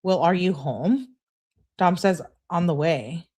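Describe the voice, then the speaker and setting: Female true crime host, lowish voice, reads messages aloud and cuts in with exasperated comments. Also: takes it slowly, darkish tone. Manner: emphatic, exasperated asides.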